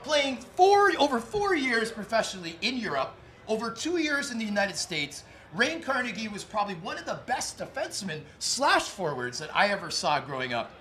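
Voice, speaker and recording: Excitable high-voiced male podcast host. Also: normal speed. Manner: excitable, announcer-like. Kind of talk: live podcast taping, hype introductions. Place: sports bar studio.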